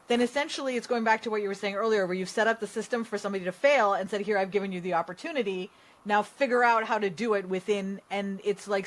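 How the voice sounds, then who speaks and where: A woman hosting a podcast, speaking thoughtfully and searching for the right words. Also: mid-range voice. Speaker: podcast host. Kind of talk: casual conversation.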